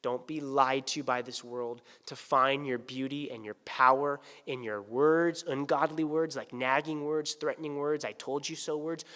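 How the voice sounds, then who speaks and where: A male pastor preaching a sermon, swinging from hushed, tender asides to loud, pleading emphasis. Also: medium pitch, fairly even intonation, unhurried. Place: church sanctuary. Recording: church sanctuary with long reverb.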